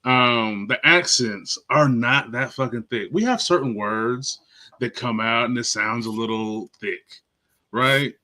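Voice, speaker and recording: Co-hosting a laid-back podcast reviewing movies and TV, this Nashville, Tennessee man swears freely and rants with emphasis. He speaks in a mid-range voice at a measured pace, sounding pushed and bright.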